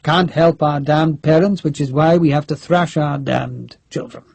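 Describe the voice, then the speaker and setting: A man voicing a gruff, blunt middle-aged Scottish major general who has a head cold, drawing out his curses. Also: a little high, fairly even intonation, a little mellow, dry recording. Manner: blunt, swearing, drawn-out.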